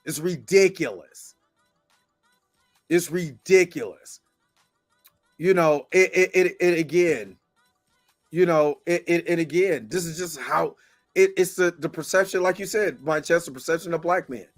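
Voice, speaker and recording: An American man hosts a livestream of impassioned commentary, speaking at normal speed in a slightly high voice over soft background music. He vents his frustration, repeats himself, and thanks viewers by name.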